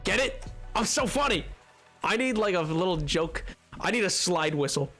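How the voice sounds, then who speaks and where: A man's voice: sits high, lively intonation, normal speed, fairly bright tone, faint music behind. A young man streaming a game, chatting casually in a rambling, self-mocking way and laughing often. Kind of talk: casual gaming stream chat.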